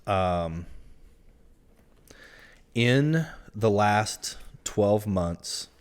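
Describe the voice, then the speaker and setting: Podcast co-host, man from the Midwest; low voice, unhurried delivery, candid and self-deprecating. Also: lively intonation, smooth. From American Midwest. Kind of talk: casual chat.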